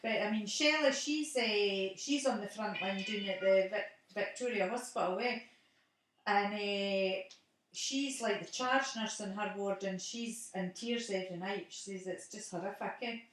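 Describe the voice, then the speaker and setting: A woman's voice: mid-range voice, unhurried, fairly bright tone, heavy reverb, distant mic. A middle-aged woman with a Scottish accent, chatting casually on the phone at home and laughing often.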